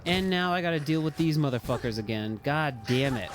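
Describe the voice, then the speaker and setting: Excitable man swearing at a game. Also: a little high, brisk, noisy background. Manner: excitable, rambling, swears and yells at enemies. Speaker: game streamer. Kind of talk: casual live gameplay commentary. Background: game music.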